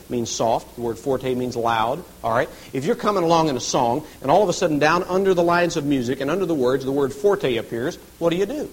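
A middle-aged man preaching a sermon as a pastor and chaplain, with dramatic swings between shouting and near whispers. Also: mid-range voice, slight background noise, rough recording.

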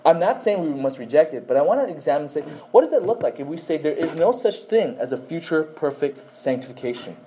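A man's voice: fairly high pitch, sing-song, fast talker, few pauses, mellow, slight background noise, low-quality recording. A man teaching a Bible class, often quizzing listeners with questions and adding "okay?" to his points.

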